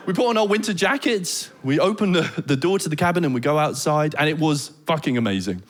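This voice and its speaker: A stand-up comedian from Britain with a British accent, telling animated stories and laughing along. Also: male voice, on the high side, a little fast, hardly any pauses.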